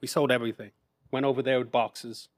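This missionary from England, a man in his fifties, tells his life story as a testimony in a sermon, rambling into asides and making light of himself. He speaks briskly at a medium pitch that barely moves.

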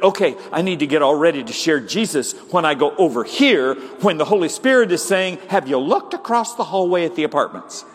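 A man preaching a sermon as pastor, animated, swinging from loud, high exclamations to hushed, low passages. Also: long reverb tail.

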